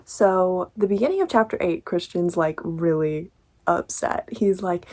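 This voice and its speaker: A young woman in her twenties talks through a book in a loose, chatty way, full of filler words and exasperated asides. Her voice sits at a middle pitch, and she sounds critical and fed up as she explains what bothers her. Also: animated, moderate pace, dark tone. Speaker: book reviewer. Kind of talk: casual book commentary.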